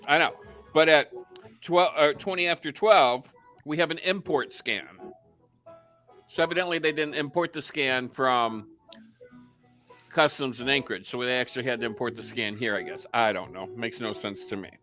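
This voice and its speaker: A man's voice: mid-range voice, normal speed, bright, forceful tone, soft background music. A man hosting a casual talk show, telling a rambling story and acting out the people in it. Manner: chatty storyteller, acts out quoted voices. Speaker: podcast host. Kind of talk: casual chat.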